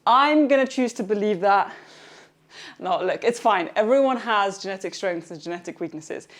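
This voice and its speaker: A young fitness vlogger talks through her home workout, partly outdoors, in a casual vlog, chatty, upbeat and encouraging with a self-teasing streak. Her mid-range voice is expressive and moderately paced.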